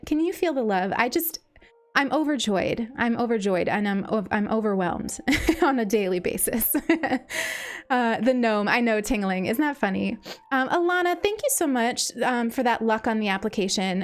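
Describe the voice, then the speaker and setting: A woman streamer chatting casually to her viewers, gushing and grateful, with many ums and restarts. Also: a little high. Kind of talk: casual live-stream chat.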